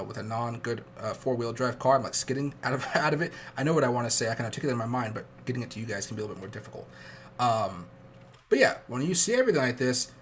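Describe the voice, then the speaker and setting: A man's voice: medium pitch, slight background noise. A young man hosting a trading livestream, talking casually in a rambling, chatty way while sick. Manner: fast rambling chatty, with fillers. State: sick, coughing.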